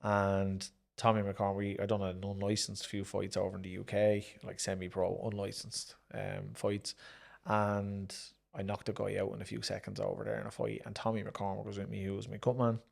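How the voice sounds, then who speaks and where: A man's voice: fairly low pitch, completely flat delivery, normal speed, gravelly. An Irish man, a former pro boxer, telling stories in a casual interview, re-enacting his own exchanges and swearing freely.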